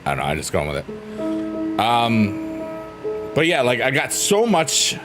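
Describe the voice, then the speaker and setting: A male streamer talks loosely and playfully to his chat, with a pitch that swoops up and down as he rambles and teases. Soft piano music plays faintly underneath. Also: huge pitch swings, measured pace. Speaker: livestreamer reading chat. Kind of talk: casual livestream chat.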